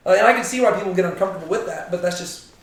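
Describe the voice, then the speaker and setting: A man's voice: high-pitched, racing. A man teaching a casual Bible study, thinking aloud and often checking in with "right?". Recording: very echoey room.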